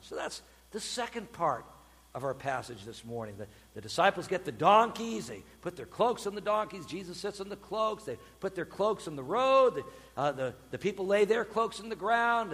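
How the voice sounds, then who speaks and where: A man preaching a sermon, voicing the crowd's cries loudly as he explains the passage. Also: high-pitched, long reverb tail. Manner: animated preaching, calls out quoted cries loudly. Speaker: pastor.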